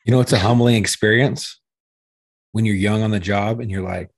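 A police officer telling a story in casual chat, acting out the dialogue and swearing freely. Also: male voice, on the low side, fairly even intonation, normal speed, dry recording.

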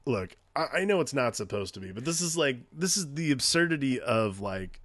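A man's voice: medium pitch, lively intonation, fairly quick, fairly bright tone, no echo. A man co-hosting a casual film podcast, rambling and filling his talk with "like" as he explains his points. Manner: rambling, hedges with "like". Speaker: podcast co-host.

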